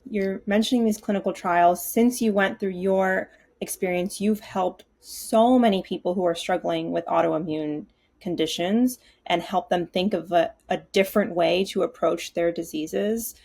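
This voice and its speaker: Low creaky woman host. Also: normal speed, few pauses, darkish tone. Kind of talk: interview questions.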